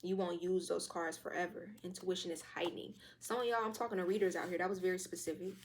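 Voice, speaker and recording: A young woman doing a casual tarot reading, loose and profane, with a slightly hoarse throat. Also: fairly low pitch, slight background noise. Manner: fast, loose and profane, with lively quoted asides. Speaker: tarot reader.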